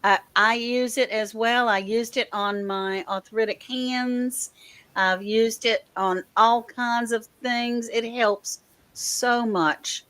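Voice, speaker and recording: Slow-talking woman hosting a live chat. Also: a little high, steady tone, a bit bright, clean tone. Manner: unhurried, laughs often. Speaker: host. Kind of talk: casual live-stream chat.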